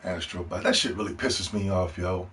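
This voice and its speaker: A man's voice: low-pitched, level tone, normal speed, a bit bright, a little hiss or hum. A man hosting a podcast in a casual, profane, sarcastic rant. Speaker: podcast host.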